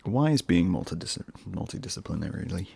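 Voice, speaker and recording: A man's voice: low-pitched, sing-song, fairly quick, gravelly, darkish tone, breathy edge, dry recording. A man hosting his own podcast, talking casually on his own in a rambling, musing way with self-mocking asides. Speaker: podcast host. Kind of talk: casual solo podcast monologue.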